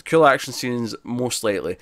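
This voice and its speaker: A Scottish man co-hosting a casual movie news podcast, lively and joking. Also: medium pitch, moderate pace, dry recording. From Scotland. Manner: animated, does joking put-on voices. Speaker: podcast co-host.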